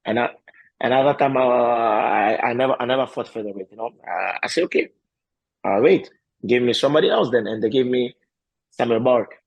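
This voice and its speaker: A husky MMA fighter with a medium-pitched voice answers interview questions casually, halting, restarting and leaning on fillers in broken, non-native grammar. Animated, he laughs at times while telling his stories. The recording is close and dry with no echo, and its highs are cut off.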